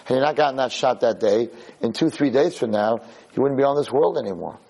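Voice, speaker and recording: A man teaching a religious lesson through animated storytelling, acting out the people in his stories. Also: medium pitch, a little fast, husky. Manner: animated storyteller, acts out characters. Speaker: Torah teacher. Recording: podcast audio.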